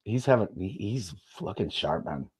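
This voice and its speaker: A man co-hosting a casual podcast chat during a football match, rambling, swearing and trailing off softly. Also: lowish voice, animated, normal speed, slightly rough. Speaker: podcast co-host.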